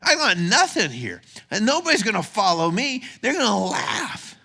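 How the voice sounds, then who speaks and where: Gideon, a whiny young nobody, as a preacher puts him on. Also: male voice, high voice, huge pitch swings, normal speed, gravelly, sharp tone, slightly rough, voice pushed up, exaggerated voice. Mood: self-pitying. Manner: complaining, self-pitying. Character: timid young man, Gideon, whining about being a nobody. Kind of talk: sermon storytelling.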